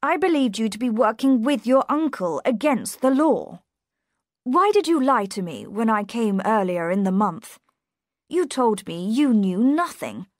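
A woman voicing a stern, slow-thinking country magistrate who speaks in a commanding, reproachful way. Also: on the high side, lively intonation, no room sound, clean studio sound.

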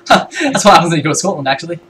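A young British man streaming a game, excitable and loud, swearing a lot and breaking into yelps. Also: a little high, fast, a little hiss or hum, rough recording. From Britain. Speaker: gaming livestreamer. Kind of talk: casual gameplay chat.

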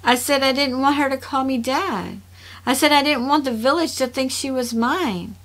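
A woman voicing a gentle, earnest young man in a storybook reading, soft and solemn in tone. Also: sits high, moderate pace.

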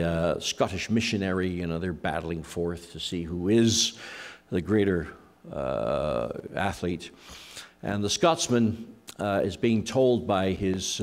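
A middle-aged man preaching a conversational sermon as a pastor, telling anecdotes in a halting way with frequent pauses. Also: deep voice, darkish tone.

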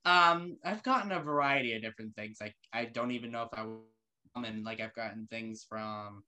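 A man's voice: medium pitch, a little fast, pushed and bright. A man hosting an interview show, asking questions casually with lots of fillers and loose, rambling answers. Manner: rambling, many fillers, friendly.

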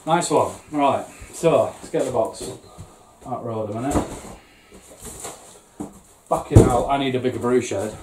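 Unboxing brewing kit in his garden brew shed, a middle-aged home brewer and channel host talks a bit slowly in a mid-range voice, pausing often. He rambles, swears, and jokes at his own expense, and the recording is very noisy, echoey, and distant-miked.

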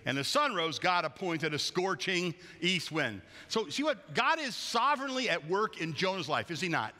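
A man's voice: high voice, big pitch swings, normal speed, sharp tone. A man preaching a sermon as pastor in a church, conversational and wry with playful asides. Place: church sanctuary. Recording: long church hall reverb.

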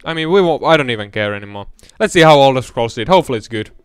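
A young man giving casual let's-play commentary, rambling between mumbled asides and loud excited outbursts. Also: medium pitch, rapid-fire, clear, resonant tone, dry recording, clean studio sound.

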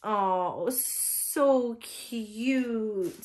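A woman opens a gift box on her vlog, gushing and close to tears. She speaks slowly in a fairly high voice, sighing and laughing softly between words. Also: lively intonation, slight background noise. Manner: gushing, emotional, near tears. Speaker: reborn doll channel host. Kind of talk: casual box-opening vlog.

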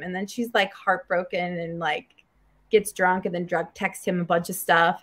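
A woman's voice: medium pitch, moderate pace. A woman co-hosting a writing livestream, chatting casually and retelling stories. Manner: chatty, storytelling, animated retelling. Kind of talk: casual chat.

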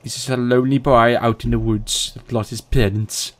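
A man's voice: medium pitch, flat delivery, moderate pace. A man giving casual let's play commentary into a desk mic on a stand, with swearing, panicky outbursts and self-mocking jokes. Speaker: gaming video host.

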